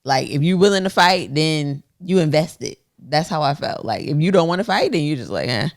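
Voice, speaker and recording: A woman's voice: deep voice, fairly quick. A woman co-hosting a podcast, speaking candidly in casual chat and often laughing as she tells stories. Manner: candid, laughing, animated storytelling. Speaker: podcast co-host.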